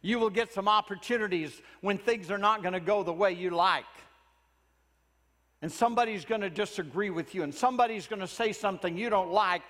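A man preaching a sermon in a church, earnest and pleading, often dropping his voice to a hush for emphasis. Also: sits high, in a large hall. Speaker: pastor.

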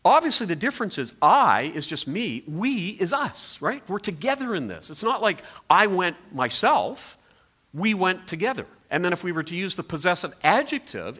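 A man's voice: sits high, normal speed, slightly rough. A middle-aged man preaching a sermon, telling stories with playful asides. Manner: animated storytelling with playful asides. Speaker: pastor.

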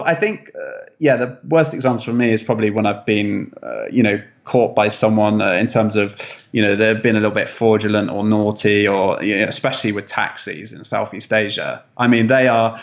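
A man's voice: fairly low pitch, lo-fi sound. A man telling travel stories in a casual interview, rambling and hesitant with many fillers and restarts. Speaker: travel content creator, guest.

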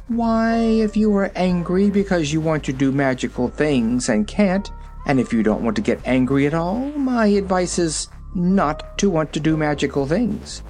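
A cunning gnome counselor drawls his advice slowly, as a man reads him aloud. The voice sits higher and swings with a lively rise and fall. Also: soft background music. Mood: sly. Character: sly, dry-witted male gnome counselor.

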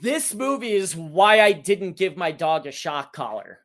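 Woman co-host, slow talker, varied pitch, dry remarks. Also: big pitch swings. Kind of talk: casual chat.

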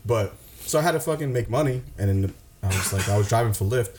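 A man's voice: lowish voice, animated, fast talker. A man, a guest comedian, telling a story in casual podcast chat, slangy and laughing often. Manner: slangy, laughs a lot, heavy use of "like". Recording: noisy background.

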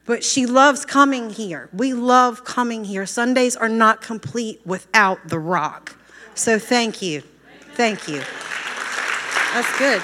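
Bright-voiced woman giving church testimony. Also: on the high side, takes it slowly, a faint crowd. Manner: earnest, heartfelt, fervent. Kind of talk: spoken testimony at a church service. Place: church hall. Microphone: handheld microphone. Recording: long reverb of a church hall.

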